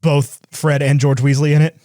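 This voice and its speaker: A man's voice: fairly high pitch, level tone, dark tone, dry recording. Male podcast co-host, chatty and rambling, recorded close and dry. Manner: fast, rambling, laughs while telling stories. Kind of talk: casual chat.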